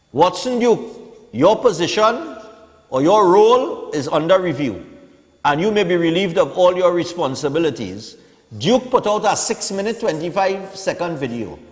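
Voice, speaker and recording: Trinidadian man, morning TV host, conversational political commentary, slightly high voice, long reverb. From Trinidad and Tobago. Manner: conversational, drops to a hush for asides.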